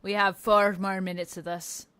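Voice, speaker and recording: A woman's voice: mid-range voice, flat delivery, moderate pace, fairly bright tone, clear, resonant tone. A woman hosts a tabletop game stream over a video call. She talks casually, laughs a lot and trails off into fillers as she thinks aloud.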